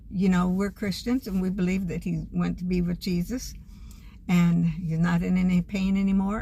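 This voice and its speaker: An older woman talking to camera in a homespun, earnest way, gently sharing her faith. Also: medium pitch, a little hiss or hum. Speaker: vlogger. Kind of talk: casual reflective monologue.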